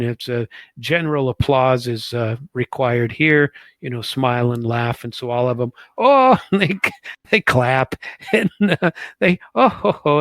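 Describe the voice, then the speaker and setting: Older man, army veteran, rambling casual storytelling, chuckles, mid-pitched voice, dry close sound. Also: a bit bright, dry recording. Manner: rambling, chuckling, many fillers.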